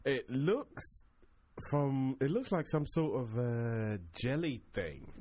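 A man's voice: medium pitch, animated, slow, a little mellow, a little hiss or hum. A man co-hosting a radio show, giggling a lot through the banter. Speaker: radio co-host. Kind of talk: casual banter.

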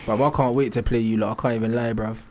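A young man co-hosting a radio sports show, talking in animated, slang-heavy banter. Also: mid-range voice. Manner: animated, slangy, quick retorts.

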